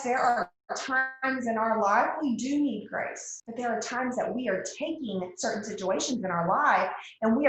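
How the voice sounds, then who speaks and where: A woman's voice: medium pitch, fairly bright tone, slight background noise. A woman with a Texan accent, guest-hosting a motivational team talk in a chatty way, repeating phrases for emphasis. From Texas. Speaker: guest host. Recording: very echoey room.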